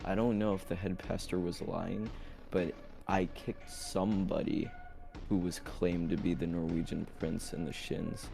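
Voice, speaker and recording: A man's voice: low voice, fairly even intonation, unhurried, gravelly, music in the background. A man host chatting casually on a call, rambling with lots of fillers and restarts. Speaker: channel host debating on a call. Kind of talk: casual chat.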